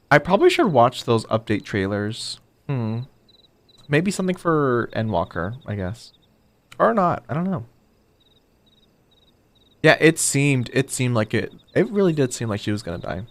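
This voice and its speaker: A man's voice: medium pitch, big pitch swings, unhurried, long pauses, no echo. A man streaming a video game, rambling and chatty, often mocking himself. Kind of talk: casual gameplay commentary.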